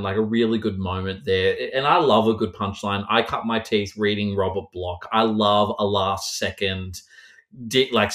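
A man's voice: lowish voice, fairly bright tone. A man who is a podcast guest, talking about stories in a playful, colorful, emphatic way. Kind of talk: casual podcast chat.

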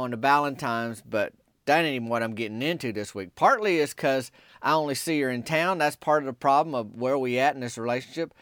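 A man's voice: mid-range voice, a bit bright, clean tone, no room sound, studio quality. A young man telling a rambling, folksy story in a comedic character monologue.

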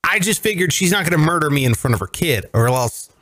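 A man hosting a casual podcast chat, telling stories with lively acted-out quotes. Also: fairly high pitch, fast. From greater Cleveland area. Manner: animated storyteller, acts out quotes. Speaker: podcast host.

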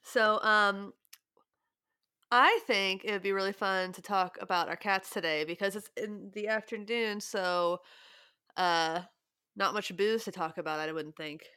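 Podcast host, woman in her thirties, bright tense tone, dry close sound, chatty with laughs. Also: mid-range voice, clear, resonant tone, no room sound. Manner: laughing, chatty, quick asides. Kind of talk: casual chat.

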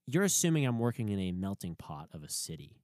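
A young man, a college student, chatting casually and ranting in an animated way that gets sharp when he is worked up. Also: sits low, fast, dry recording, studio quality. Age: young adult. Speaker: pre-med college student. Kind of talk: casual chat.

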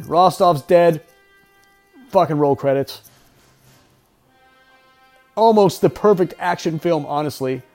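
A man's voice: high voice, a little mellow. Foul-mouthed man riffing over a movie. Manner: profane, wisecracking and offhand. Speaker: podcast host. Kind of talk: casual watch-along movie commentary. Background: faint film soundtrack.

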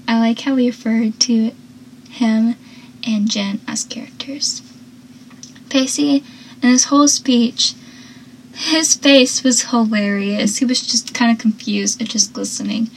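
A woman's voice: on the high side, unhurried, husky, low-quality recording. A woman giving a casual, chatty recap of a TV episode, drifting into personal asides. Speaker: show recapper.

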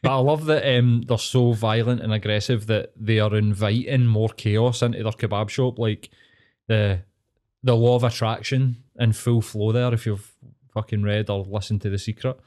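A man's voice: on the low side, normal speed. A Glaswegian man co-hosting a podcast, chatting casually and telling stories full of swearing. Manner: sweary, animated storyteller. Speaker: podcast co-host. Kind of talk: casual storytelling chat.

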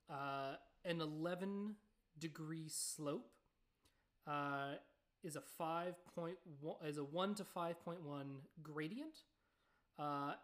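Chatty woman hosting her own podcast. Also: on the low side. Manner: chatty and rambling, with many fillers and asides. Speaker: podcast host. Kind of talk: casual solo podcast chat.

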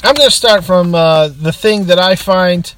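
Upbeat Boston-accented podcast host. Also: male voice, sits high, measured pace, a bit bright. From Massachusetts. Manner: chatty, reads ad segments. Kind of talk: casual chat.

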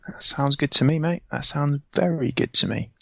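A man's voice: fairly high pitch, normal speed, vocal fry, a bit bright, no echo. A man playing a tabletop role-playing game in character, laid-back and cocky, calling others mate. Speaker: player.

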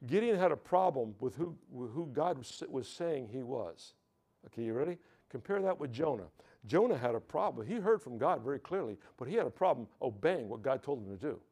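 A man's voice: medium pitch, warm tone. An American man preaching a sermon, telling a personal testimony, often stumbling and repeating words and calling out to the congregation for amens.

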